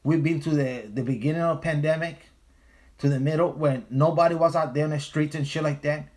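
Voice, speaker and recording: A man from the United States hosts his own livestream, talking from home. His voice sits a little high for a man. He swears freely and hammers his points home by saying them again and again. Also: steady tone, a little fast, a little mellow. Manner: profane, emphatic, repeats phrases. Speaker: livestream host. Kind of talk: casual livestream commentary.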